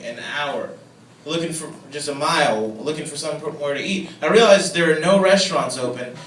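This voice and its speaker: A young man doing a self-mocking stand-up comedy set, swinging between low asides and loud mock outbursts. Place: comedy club stage with audience. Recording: echoey, distant, room noise.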